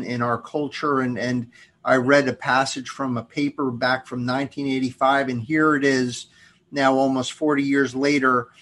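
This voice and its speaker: A man hosts a studio conversation at a measured pace, his voice mid-pitched. He pauses often and restarts his sentences as he sets up his questions. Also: fairly bright tone. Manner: measured, with frequent ums and restarts. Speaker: podcast host. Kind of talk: interview conversation.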